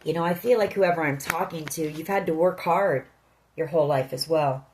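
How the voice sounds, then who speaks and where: A woman's voice: low voice, moderate pace, a little mellow, a little hiss or hum, poor audio. A woman giving a tarot reading, speaking earnestly and directly to the listener. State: emotional. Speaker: tarot reader.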